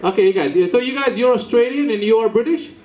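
A man from Romania doing crowd work in a comedy club, teasing the audience with quick banter. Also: very high voice. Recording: echoey room, dull sound, crowd laughter.

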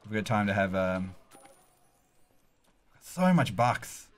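Excitable Australian man playing a game. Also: fairly low pitch, slow pace. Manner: excitable, loud exclamations. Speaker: game streamer. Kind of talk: casual let's-play banter.

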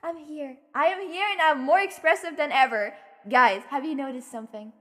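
A woman's voice: high voice, moderate pace, sharp tone. A woman streaming as a VTuber, chatting casually and bubbly with her viewers, swearing freely and greeting chat with repeated welcomes.

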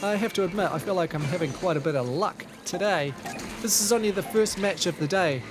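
A man with a New Zealand accent commentating his own gameplay, excitable, with frequent exclamations and self-deprecating asides. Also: high-pitched, brisk. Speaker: gaming YouTuber. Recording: game music playing underneath.

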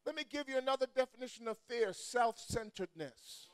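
High-pitched shouting preacher man. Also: a little fast, clear, resonant tone. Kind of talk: energetic sermon. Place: church or event hall.

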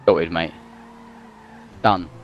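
A young man chatting casually while playing a game with a friend, playful and joking in quick banter. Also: low-pitched, fairly even intonation, dull audio, a little hiss or hum. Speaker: co-player. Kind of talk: casual gameplay chat.

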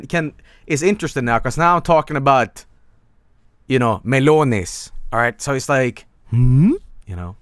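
A man's voice: mid-range voice, a bit bright, dry recording, clean studio sound. A man chatting casually on a live stream, rambling and stammering with frequent laughs.

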